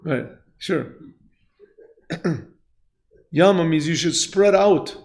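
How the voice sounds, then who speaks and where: A man, a rabbi, teaching a Chassidus class, telling a story and acting out the voices in it, often clearing his throat. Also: on the high side, drawn-out words, a little mellow. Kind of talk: classroom Torah lesson. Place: yeshiva classroom.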